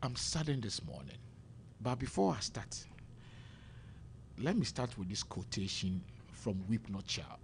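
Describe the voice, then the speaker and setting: A Ghanaian man, a party member on a radio panel in the studio, delivers impassioned, preachy political commentary, quoting scripture as he heats up. His lowish, gravelly voice is sing-song and measured with frequent pauses, and there's slight background noise.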